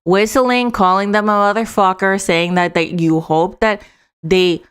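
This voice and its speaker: Smooth-voiced woman commentator, swearing, scornful, heated. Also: lowish voice, fairly even intonation, unhurried, a bit bright. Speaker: political commentator. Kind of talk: profane reaction commentary.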